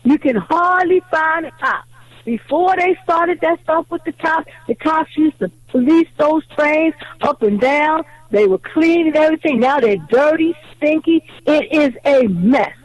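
Indignant caller. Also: female voice, high voice, measured pace, no echo. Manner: animated storytelling, indignant. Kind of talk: call-in radio story. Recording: dry phone line.

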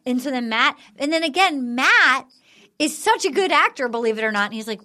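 A woman hosting a comedy podcast, rambling through an animated recap and acting out the people she quotes. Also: high voice, moderate pace. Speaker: podcast host. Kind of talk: casual comedic recap chat.

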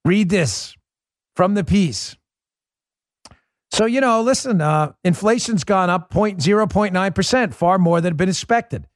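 A man's voice: high-pitched, measured pace, no echo, clean studio sound. A man hosting a political talk show, delivering an emphatic, sarcastic monologue full of rhetorical questions.

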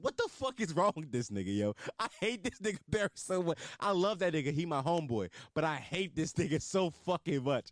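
A man hosting a casual solo podcast, telling stories in a slangy, swearing, animated way and acting out his own hype lines. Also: on the high side, fairly quick, hardly any pauses, no echo, studio quality. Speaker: podcast host. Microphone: podcast microphone.

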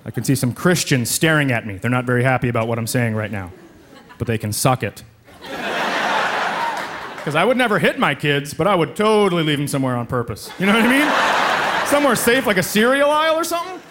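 Middle aged guy doing standup, kinda high voice, deadpan insults then yells, loud crowd laughing, noisy club. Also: fast talker. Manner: deadpan insults with sudden shouted bursts. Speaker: stand-up comedian. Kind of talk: stand-up comedy set. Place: comedy club stage with live audience. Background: audience laughter and noise.

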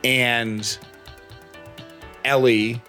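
A man co-hosting a podcast, telling a story casually with an animated, expressive delivery. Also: mid-range voice, drawn-out words, soft background music. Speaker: podcast co-host.

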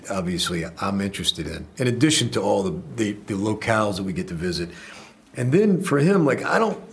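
Man, gravelly low voice, rambling self-deprecating storyteller, red carpet interviewee. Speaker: actor interviewed at premiere. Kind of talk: casual anecdotal storytelling. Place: outdoor red carpet event.

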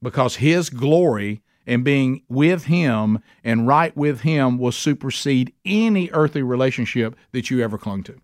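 A man's voice: mid-range voice, expressive, a little slow, hardly any pauses, no room sound, clean studio sound. A man teaching a men's Bible study in an earnest, emphatic, folksy conversational sermon style.

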